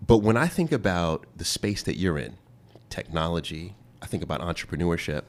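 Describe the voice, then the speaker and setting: A man's voice: low-pitched, animated. A man hosting an interview podcast, talking in a playful, casual way and leaning on key words. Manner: playful, laughs often, drawn-out emphasis. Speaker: host.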